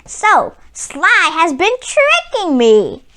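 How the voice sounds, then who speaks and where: A woman's voice: extremely high pitch, wildly swooping pitch, extremely slow, bright, forceful tone, pitched above the performer's own voice, exaggerated voice. A woman doing a growling angry fox. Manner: growling, indignant. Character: gruff angry male fox, suspicious.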